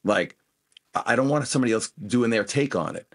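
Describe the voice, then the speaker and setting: A man being interviewed as a guest guitarist, telling animated anecdotes and acting out what people said. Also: mid-range voice, brisk. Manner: animated anecdotes, acts out quoted voices. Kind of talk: casual interview storytelling.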